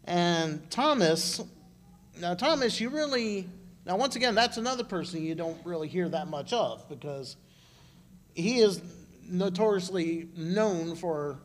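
A man giving an informal sermon at a church service, talking in a halting way with frequent restarts. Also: high voice, expressive. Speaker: church speaker. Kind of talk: conversational sermon. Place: church service, live broadcast.

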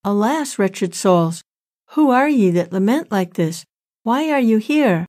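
Righteous king, read by a woman, anguished, questioning, storybook retelling, a little higher than her narrating voice. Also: animated, measured pace, darkish tone, close to an everyday voice. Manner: pleading then indignant questioning. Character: anguished righteous king, middle-aged man.

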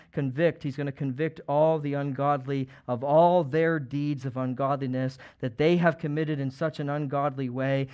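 A man with a high voice preaching a sermon to his congregation. He moves between quiet, earnest pleading and loud, fervent calling out. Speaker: pastor.

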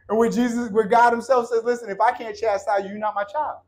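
A man in his thirties preaching a sermon, joking with the congregation and swinging from shouts to hushed, quiet lines. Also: sits high, fast talker, poor audio.

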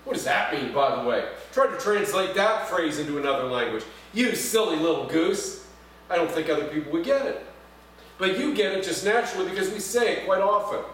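High-voiced man preaching in echoey church. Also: a bit bright. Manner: conversational, asks the congregation questions, light jokes. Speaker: pastor. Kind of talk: sermon. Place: church sanctuary. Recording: echoey church from far off, faint hum.

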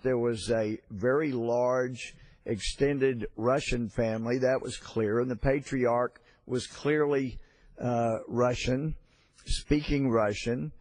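A man's voice: mid-range voice, a little mellow, no echo. A man giving a storytelling floor speech, hesitant with frequent fillers. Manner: storytelling, halting with fillers and restarts. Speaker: congressman.

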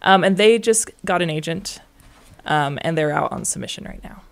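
Young adult woman, guest, casual chat; gravelly fry, chatty and hedging. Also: deep voice, normal speed. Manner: chatty, laughs often, hedging. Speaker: guest writer.

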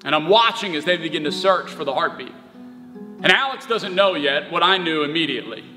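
A man's voice: on the high side, expressive, brisk. A young man preaching a sermon as pastor, telling a personal story in an earnest, heartfelt way. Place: church sanctuary. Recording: reverberant church hall with soft music.

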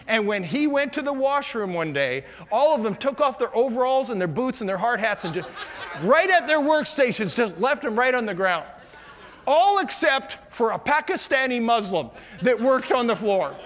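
High-voiced pastor, lively sermon. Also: male voice. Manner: humorous storytelling, laughs at own jokes. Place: large church hall. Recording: reverberant church hall.

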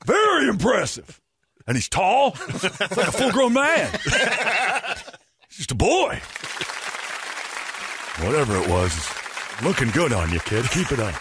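Man playing wild rambling older actor, pitch all over the place, crowd noise. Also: wildly swooping pitch, slow, long pauses, a bit bright, exaggerated voice. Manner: rambling, odd non sequiturs. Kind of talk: comedy radio impression.

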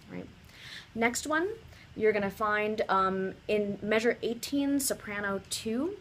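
A woman's voice: medium pitch, animated, a bit bright, a little hiss or hum. Patient woman coaching choir pronunciation. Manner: patient, demonstrates sounds slowly with call-and-response drills. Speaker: composer teaching her choral piece. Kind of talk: pronunciation and rhythm lesson.

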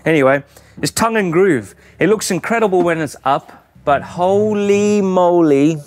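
Chatty, joking young man in a van. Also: medium pitch. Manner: chatty, joking and self-mocking. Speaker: van-build vlogger. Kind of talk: casual to-camera vlog. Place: inside a van being built.

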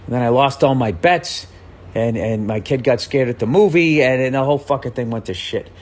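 A man's voice: medium pitch, fairly quick, a little mellow. A man talking on a podcast, ranting with exasperation and profanity, voice swinging up and down. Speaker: comedian. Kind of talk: podcast rant.

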